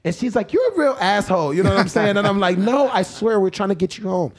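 A young man telling a long story in casual podcast chat, animated and laughing often, acting out what people said. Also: sits high, quick pace. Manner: animated, laughing, acts out quoted lines. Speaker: podcast co-host.

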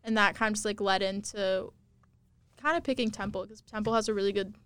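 A woman's voice: medium pitch, steady tone, fairly quick, a bit bright. Chatty young woman telling stories. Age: young adult. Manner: chatty storytelling, constant "like" fillers. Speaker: podcast guest. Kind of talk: casual interview chat. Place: studio on campus.

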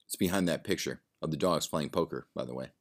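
A man doing a gruff, sardonic barfly. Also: rumbling low, fast. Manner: sardonic, swearing, rambling. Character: gruff cynical man drinking in a bar.

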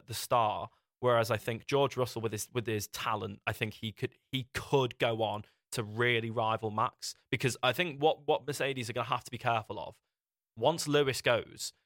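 A man's voice: mid-range voice, fairly bright tone, no room sound, clean studio sound. A young man hosting a podcast, chatting casually and often restarting his sentences. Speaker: podcast host. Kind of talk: casual chat.

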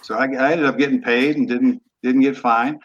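A man in his sixties, a former quarterback, telling stories in a relaxed, rambling way with some rough language. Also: medium pitch, moderate pace, lo-fi sound. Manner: laid-back, trailing off, rough language. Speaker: guest, former football quarterback. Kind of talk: casual storytelling interview.

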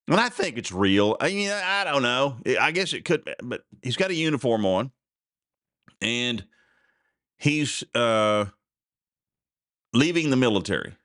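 A man's voice: mid-range voice, sing-song, normal speed, long pauses, a bit bright, no room sound, clean studio sound. A man hosting a solo commentary podcast, rambling and indignant, his voice jumping up sharply when he gets outraged. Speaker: podcast host. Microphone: desk mic with a censor button.

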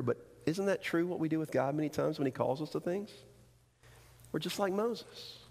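A man preaching a sermon as pastor, animated, acting out quoted excuses and speeches in a large church. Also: fairly high pitch. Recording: long hall reverb.

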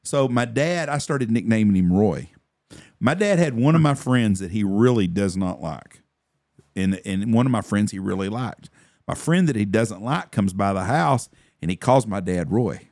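A man, a podcast host telling a profane, animated story in casual chat. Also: fairly low pitch, normal speed, no room sound, clean studio sound. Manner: profane, animated storyteller who acts out quotes.

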